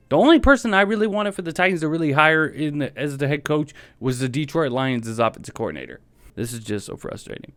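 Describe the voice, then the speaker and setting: A man's voice: mid-range voice, dry recording. A man hosting a sports fan podcast, ranting in a heated, frustrated way and repeating his points. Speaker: podcast host.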